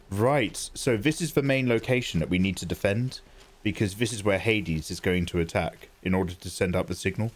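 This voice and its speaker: A man chatting through live gameplay, excitable and jokey, thanking viewers as he plays. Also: low voice, fairly quick. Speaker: gaming streamer.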